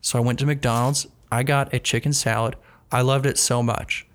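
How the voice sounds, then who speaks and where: A man co-hosting a podcast in casual chat, with vocal fry and a rambling, self-mocking sarcastic manner. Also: medium pitch, little pitch movement, moderate pace, a bit bright. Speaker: podcast co-host.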